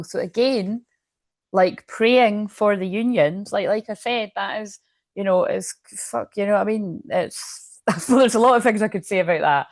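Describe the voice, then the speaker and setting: A woman's voice: mid-range voice, a little slow, no room sound, studio quality. A woman with a Scottish accent giving a rambling, chatty tarot reading to her viewers from her room at home, swearing freely as she talks. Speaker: tarot card reader.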